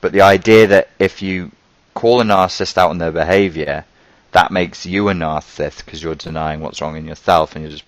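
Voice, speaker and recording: Deep-voiced man explaining in a dry room. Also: no room sound, poor audio. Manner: thoughtful, halting, searching for words. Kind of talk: casual explanatory talk.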